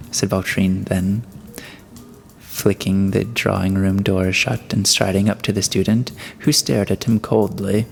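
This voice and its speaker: Low gravelly male narrator. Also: level tone, a little slow, soft background music. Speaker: audiobook narrator. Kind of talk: scripted narration.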